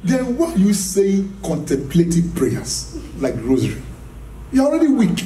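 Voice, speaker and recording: A man's voice: sits high, huge pitch swings, measured pace, warm tone. A man preaching a charismatic sermon, emphatic and repetitive, asking the congregation questions and laughing as he speaks. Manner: emphatic, repeats phrases, rhetorical questions to the audience; laughs often while preaching. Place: church hall. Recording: echoey hall, mic from a distance.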